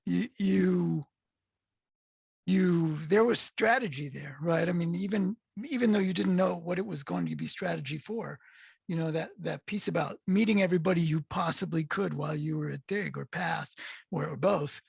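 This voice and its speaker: Very gravelly, husky male podcast host. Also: fairly high pitch, expressive, no echo, studio quality. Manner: rambling, halting questions. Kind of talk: casual interview.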